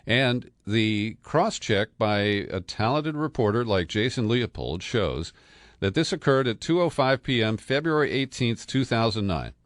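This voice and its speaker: A man's voice: medium pitch, expressive, measured pace, no room sound, clean studio sound. A man hosting a political podcast, talking through the news in a sardonic, conversational way with frequent fillers and chuckles. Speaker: podcast host.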